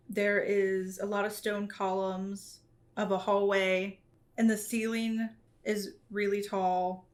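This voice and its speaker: Woman game master narrating slowly. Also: medium pitch. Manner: slow, descriptive scene-setting.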